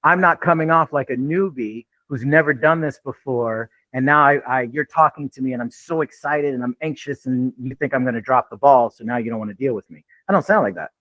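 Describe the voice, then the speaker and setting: A man's voice: medium pitch, brisk, few pauses, fairly bright tone, no room sound, low-quality recording. A man giving an unscripted real estate training talk in a blunt, laid-back way with frequent swearing.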